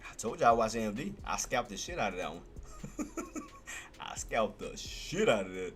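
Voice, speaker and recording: A man giving live trading commentary on his stream. He talks excitably, repeats himself often, and swears. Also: lowish voice, normal speed, soft background music. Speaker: day-trading livestreamer.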